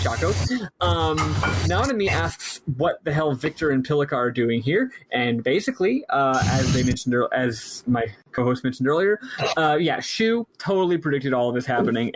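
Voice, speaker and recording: A man's voice: mid-range voice, expressive, over music, poor audio. A man hosting a podcast, casually recapping a story game in a rambling way. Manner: rambling, lots of fillers and quick paraphrased quotes. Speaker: podcast host.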